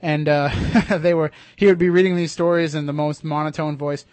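A man's voice: fairly high pitch, fairly even intonation, darkish tone, no room sound. A man hosting a radio show in casual, rambling chat, often restarting his sentences. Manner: quick, chatty, rambling with restarts.

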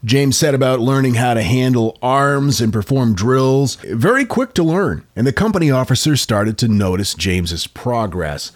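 A man co-hosting a podcast, telling an odd historical story in a casual, animated way. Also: medium pitch, moderate pace, hardly any pauses. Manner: animated storyteller with frequent uh fillers. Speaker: podcast co-host.

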